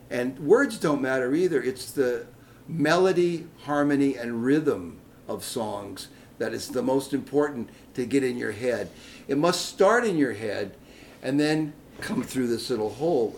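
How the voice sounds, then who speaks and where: A man's voice: mid-range voice, slight background noise. A man who teaches ukulele, from Detroit, telling stories and explaining music in a radio interview. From Detroit, Michigan. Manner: lively teacher, hums and laughs while explaining. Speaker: ukulele instructor, guest.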